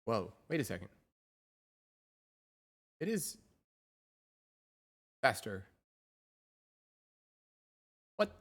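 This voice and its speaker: Woman on a deep, creaky AI voice changer. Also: big pitch swings, slow. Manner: flustered, muttering to herself while setting up screens. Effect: real-time AI voice changer. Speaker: streamer. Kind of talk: casual live-stream chat.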